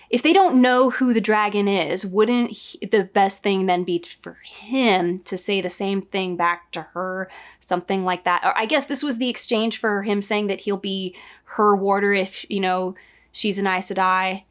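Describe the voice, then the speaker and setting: A woman's voice: medium pitch, normal speed. A woman casually reviewing a show against the book, sarcastic and exasperated as she reacts.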